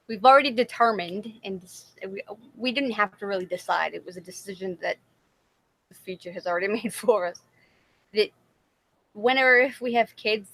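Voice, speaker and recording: A woman co-hosting a casual livestream chat, talking in a profane, animated way and laughing often. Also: medium pitch. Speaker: livestream co-host.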